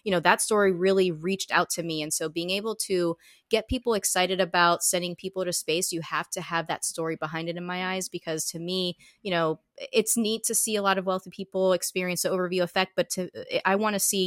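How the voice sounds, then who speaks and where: A woman's voice: lowish voice, fairly bright tone, no room sound, clean studio sound. A woman guest chatting casually about her work, with many fillers and restarts. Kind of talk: casual chat.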